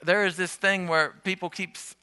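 A man's voice: high-pitched, steady tone, moderate pace, bright, forceful tone, clear, resonant tone, no room sound. A man preaching a sermon, teaching in a conversational way with restarts and asides.

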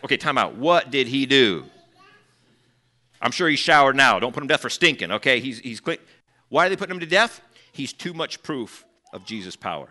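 A man preaching a sermon as pastor, telling stories with animated asides and acting out the people he quotes. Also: mid-range voice, fairly quick. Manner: conversational asides to the congregation.

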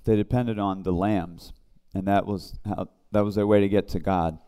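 Mellow low-voiced man leading devotional. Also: steady tone, clear, resonant tone. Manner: conversational, halting with fillers and restarts. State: briefly emotional. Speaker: Bible study leader. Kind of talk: informal devotional teaching.

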